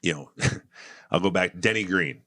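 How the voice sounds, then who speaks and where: A man's voice: low voice, measured pace, sharp tone, dry recording, studio quality. A man in his forties from Minnesota, a political candidate guest, talking casually in a folksy, storytelling way.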